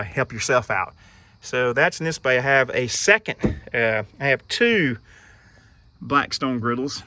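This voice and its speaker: A middle-aged man, an RV owner who vlogs, rambles casually through a tour of his RV, filmed on a handheld phone outside at a campsite at night. His mid-range voice sounds pushed and bright, and his folksy delivery is full of fillers. Crickets and insects chirp in the background.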